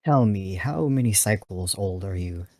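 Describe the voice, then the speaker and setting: A man voicing an older dolphin pilot in a tabletop role-play, speaking in a measured, formal way. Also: low-pitched, animated, a little mellow, no echo, full character voice. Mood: curious. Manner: measured and formal, calls others "child".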